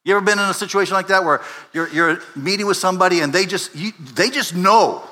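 A man preaching a sermon as pastor, conversational and animated, swinging from loud emphasis to quiet asides and often asking "right?". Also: high-pitched, quick pace. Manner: conversational, repeats words and asks "right?".

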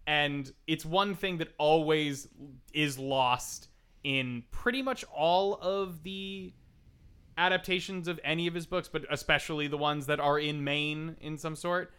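Bright crisp-voiced podcast host. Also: male voice, fairly high pitch, unhurried. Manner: animated, swears a lot, acts out quotes. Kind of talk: casual chat.

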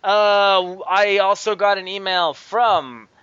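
A man's voice: high voice, fairly even intonation, slow, a bit bright, clear, resonant tone, no room sound. A man from Canada co-hosting a podcast, joking and swearing a lot, laughing often in casual chat. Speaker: podcast co-host. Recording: dull, dry close mic.

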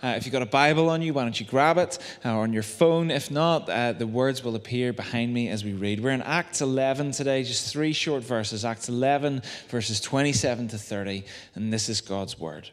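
A man's voice: mid-range voice, moderate pace. A young adult man with a Northern Irish accent preaching a sermon in a chatty, self-deprecating way, full of tag questions. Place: church hall. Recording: long reverb of a church hall.

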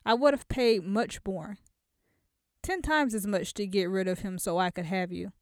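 Woman reading as a ruthless rich man, calm and unapologetic, smooth clear voice, dry close sound, audiobook. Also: medium pitch, moderate pace, no room sound, lightly acted. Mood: calm, cold. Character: cold ruthless wealthy male CEO husband.

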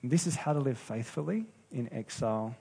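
Husky-voiced man preaching a sermon. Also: medium pitch, expressive, warm tone. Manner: earnest, unhurried preaching with pauses and restarts. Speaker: pastor.

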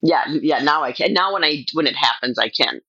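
A woman talking as a podcast guest, telling a personal story in a rambling, animated way with lots of fillers. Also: deep voice, a little fast, breathy edge, dry recording, muffled recording.

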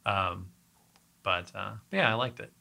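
A man chatting casually about a movie in a relaxed, hesitant way. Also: on the low side, measured pace, vocal fry. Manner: relaxed, hesitant, many fillers.

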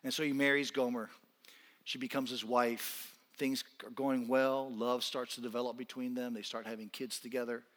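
A man preaching a sermon as a pastor in a church, swinging from intense, almost shouted appeals down to quiet, soft-spoken lines. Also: medium pitch, flat delivery, moderate pace, in a large hall. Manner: impassioned, rising to near-shouting then dropping quiet. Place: church sanctuary.

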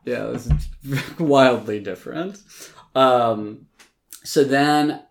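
A man's voice: medium pitch, drawn-out words, creaky, faint music behind. A man hosting a podcast, casually recapping a film in a rambling way, full of likes and ums, with occasional swearing. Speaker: podcast host.

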